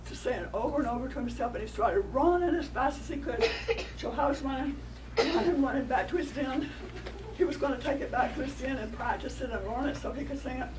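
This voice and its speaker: A woman telling a folktale to children, animated and coaxing them to join in. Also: high voice. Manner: animated, coaxing, interactive with listeners. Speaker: storyteller. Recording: distant mic, noisy room.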